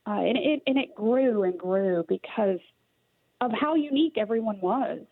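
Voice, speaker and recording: A woman's voice: medium pitch, expressive, normal speed. A woman with a light Southern twang talks earnestly as a guest on a radio show, sometimes restarting her sentences. Her voice comes through thin and phone-like, with a dry sound and no room echo. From Tennessee. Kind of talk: casual interview chat. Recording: dry tinny phone-like line.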